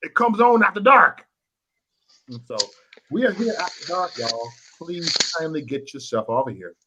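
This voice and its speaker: A man's voice: on the high side, lively intonation, normal speed, noisy background. A man hosting a late-night livestream, talking crude, boastful and petty, and repeating his phrases. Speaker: livestream host.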